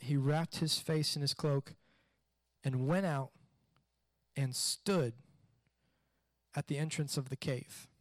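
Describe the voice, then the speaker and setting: A man preaching a sermon in a conversational, animated way, retelling a story and repeating questions. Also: on the high side, no echo. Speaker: pastor.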